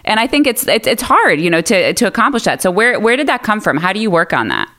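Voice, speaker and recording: A woman co-host asks her guest questions quickly and eagerly. Her voice rises and falls with a lot of lively movement. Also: medium pitch. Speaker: podcast co-host. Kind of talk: casual podcast interview.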